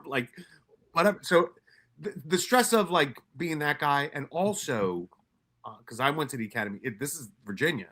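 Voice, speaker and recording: A man raised in New York tells his stories casually, stumbling over restarts and swearing freely. His voice is bright and forceful. He acts out his own lines and those of others as he goes. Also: fairly high pitch, moderate pace. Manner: profane, animated retelling with many restarts and quoted asides. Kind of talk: casual storytelling.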